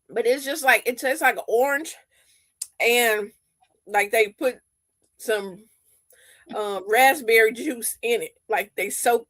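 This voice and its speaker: A woman's voice: a little high, a bit bright. A woman co-hosting a casual online chat, chatty and playful, often laughing. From Texas. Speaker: co-host.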